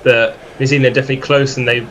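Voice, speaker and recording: A man giving quick cricket analysis as co-commentator. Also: medium pitch, level tone, fairly bright tone, slight background noise, poor audio.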